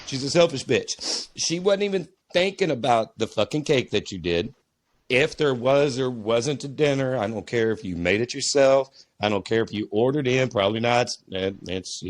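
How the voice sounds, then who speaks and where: A man co-hosting a podcast with his son, talking in loose, profane, animated chat. He swears freely and keeps the story moving with quick asides. His pitch sits in the ordinary middle range for a man. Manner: animated, profane, puts on mocking voices for stories. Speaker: podcast co-host, father.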